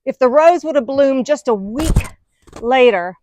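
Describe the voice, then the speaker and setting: Chatty higher-voiced woman gushing over her garden. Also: animated, a little slow, a little mellow, a little hiss or hum. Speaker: gardening vlog host. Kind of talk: casual garden walk-through. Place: outdoor home garden.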